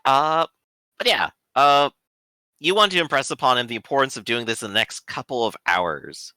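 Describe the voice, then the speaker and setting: A man running a tabletop game, narrating in a relaxed, chatty way with fillers. His bright voice moves through a wide pitch range. The recording is dry and close. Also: moderate pace, smooth, dry recording. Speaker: game master.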